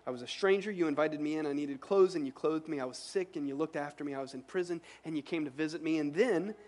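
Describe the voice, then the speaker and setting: High-voiced earnest male preacher. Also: fast talker, darkish tone. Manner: earnest, emphatic preaching with repetitions. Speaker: pastor. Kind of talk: sermon.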